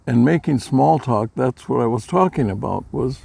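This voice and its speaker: An older man from Minnesota, telling folksy personal stories in a plain-spoken, unhurried way, with a gravelly voice. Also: mid-range voice, expressive, dark tone. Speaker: storyteller. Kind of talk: casual personal storytelling.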